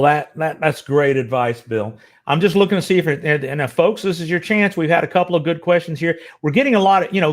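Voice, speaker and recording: A man hosting a live online show, talking casually and enthusiastically, with frequent restarts and repeated words. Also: fairly high pitch. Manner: chatty, restarts often, enthusiastic.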